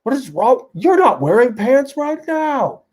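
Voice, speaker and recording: A man's voice: very high voice, sing-song, a little slow, darkish tone, pitched above the performer's own voice, full character voice. A man voicing an impatient male adventure hero, putting on a brash, pushy Brooklyn accent. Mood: exasperated.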